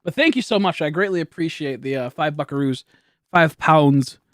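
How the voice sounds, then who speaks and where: A young male livestreamer in his late twenties, his voice slightly raised, a little high, and fairly bright. Laid-back and loose, he rambles, laughs, and talks at a slowed pace while casually reading donations, recorded on a high-end studio mic with no room echo.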